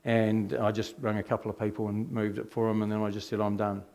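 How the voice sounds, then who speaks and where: A man's voice: lowish voice, quick pace, gravelly. Middle-aged New man telling his testimony. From New Zealand. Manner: animated, rhetorical questions to the audience. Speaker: speaker giving his testimony. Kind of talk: personal testimony storytelling.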